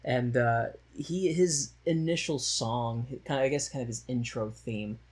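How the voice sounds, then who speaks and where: A man's voice: mid-range voice, a little slow, a little mellow, breathy edge. A man co-hosting a podcast, recapping a musical in rambling, jokey casual chat with the odd mocking put-on voice. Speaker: podcast co-host.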